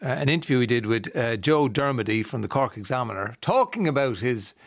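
A man's voice: mid-range voice, lively intonation, a little fast, no room sound, clean studio sound. A man hosting a radio show, chatting casually and asking friendly questions with plenty of fillers.

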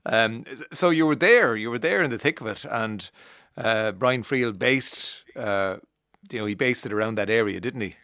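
A man's voice: lowish voice, normal speed, fairly bright tone, dry recording, clean studio sound. An Irish man hosting a radio talk show, chatty and jovial, often laughing as he talks. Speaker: radio host. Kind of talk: casual radio chat. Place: radio studio.

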